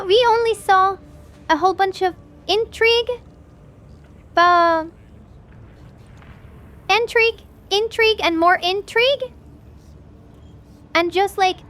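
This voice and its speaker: A woman streamer wrapping up a live stream, gushing with excitement and tripping over her own words. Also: extremely high pitch, unhurried. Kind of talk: livestream wrap-up chat.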